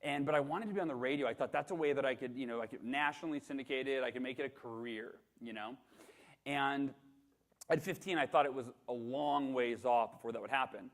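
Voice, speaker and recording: A man in his thirties giving a motivational keynote, telling animated, self-deprecating stories with acted-out quotes. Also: medium pitch, fairly quick. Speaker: motivational speaker. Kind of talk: storytelling keynote presentation.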